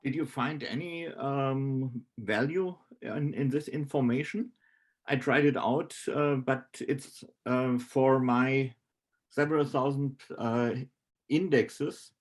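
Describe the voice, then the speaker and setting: A man in the audience asking a question about a feature, halting and hesitant. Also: mid-range voice.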